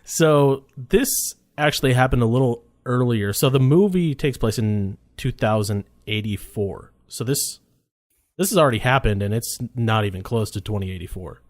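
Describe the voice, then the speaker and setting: A man's voice: medium pitch, normal speed, dry recording, studio quality. Laid-back swearing podcast co-host man. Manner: laid-back, swears freely, laughs often. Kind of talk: casual chat.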